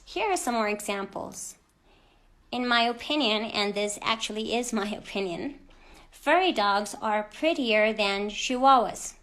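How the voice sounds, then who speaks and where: A woman teaching an English grammar lesson to children, speaking clearly and deliberately and stressing each example word. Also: a little high, a bit bright.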